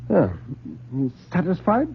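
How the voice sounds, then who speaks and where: A man's voice: sits high, huge pitch swings, takes it slowly, gravelly, a little hiss or hum, pitched above the performer's own voice, heavily acted. A man voicing a blunt, brusque male dinner guest. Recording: tinny old radio broadcast.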